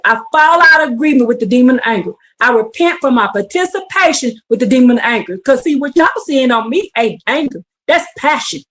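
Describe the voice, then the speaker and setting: Fervent woman preacher on a livestream, high voice, goes from hushed to shouting. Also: lively intonation, moderate pace. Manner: fervent, calls out to listeners, swings from hushed to shouting. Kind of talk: livestream sermon.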